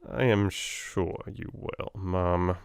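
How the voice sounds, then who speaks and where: A man's voice: lowish voice, clear, resonant tone, dry recording, natural voice. A man playing a cool, sinister British solicitor. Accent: British English. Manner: unhurried, dry, quietly sinister. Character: shrewd, cool middle-aged male solicitor.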